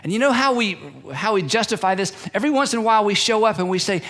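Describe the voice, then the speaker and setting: Male pastor, higher-pitched voice, emphatic sermon delivery with repeated phrases. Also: quick pace, hardly any pauses, a bit bright. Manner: repetitive, emphatic preaching with acted-out quotes.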